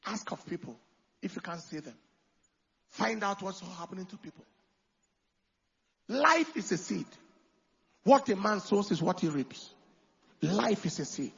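A man preaching a sermon as pastor, swinging from quiet talk to loud calls for the congregation to answer. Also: high voice, animated, a little slow, creaky, long pauses, husky, muffled recording.

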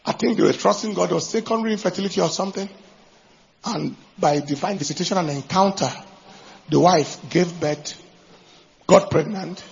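A man preaching a sermon as pastor, animated, breaking into shouts and laughter. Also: sits high, moderate pace, creaky, dull audio.

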